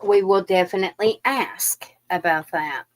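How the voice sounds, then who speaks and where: A woman's voice: mid-range voice, measured pace. A woman giving a chatty live-stream tarot reading, talking straight to her viewers. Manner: chatty, animated, addresses viewers directly with fillers. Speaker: tarot reader.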